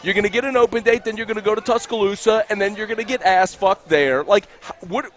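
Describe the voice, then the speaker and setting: Furious, profane sports radio host. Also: male voice, sits high, fast talker. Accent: Louisiana. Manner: furious, profane, shouting and repeating for emphasis. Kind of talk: heated postgame talk radio rant. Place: cigar bar.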